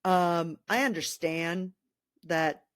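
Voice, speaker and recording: Podcast host, young woman, slow deliberate delivery, sarcastic ranting, dry close mic. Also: lowish voice, no echo. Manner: sarcastic, animated venting with crude jokes. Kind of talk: casual sports podcast rant.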